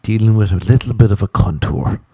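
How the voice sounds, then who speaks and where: Crude, rambling man with a low voice. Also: mellow, breathy edge, no room sound. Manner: crude, rambling, swears constantly; self-mocking, drifts into quick asides. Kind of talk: casual comedic monologue.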